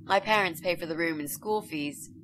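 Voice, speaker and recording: A woman's voice: lowish voice, normal speed, fairly bright tone, slight background noise, natural voice. An actress voicing an eager, polite young female student in a video game, speaking. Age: young adult. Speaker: game character.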